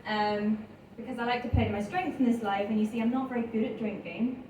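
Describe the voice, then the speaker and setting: A young Northern Irish woman doing a stand-up comedy set with dry deadpan delivery, often laughing at her own jokes. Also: a little high, brisk, far from the mic, a little hiss or hum. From Northern Ireland. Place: comedy club stage. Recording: echoey club, mic heard from afar. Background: audience laughter.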